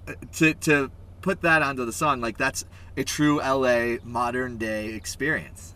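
A man hosting a podcast, chatting casually in a relaxed way with lots of "like" fillers. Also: medium pitch, measured pace. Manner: relaxed, filler-heavy, many "like"s. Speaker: podcast host. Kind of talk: casual chat.

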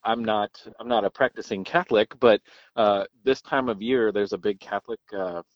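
Guy from louisville rambling on a podcast, lotta likes and restarts, lowish voice, kinda muffled. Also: steady tone, normal speed, no room sound. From Louisville, Kentucky. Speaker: podcast guest. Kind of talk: casual interview chat.

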